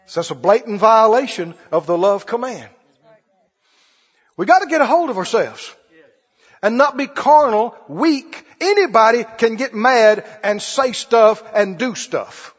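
A man delivers a sermon in a casual, questioning manner, acting out small scenes for his listeners. His voice sits very high and sounds husky. The lo-fi recording carries a long hall reverb, as in a church sanctuary. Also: animated, unhurried. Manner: conversational preaching, asks the congregation questions, acts out scenes. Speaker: pastor.

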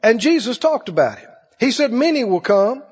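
A man preaching a sermon in an animated way, slipping into mocking put-on voices. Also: extremely high pitch, normal speed, slightly rough. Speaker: pastor. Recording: dull recording in a reverberant hall.

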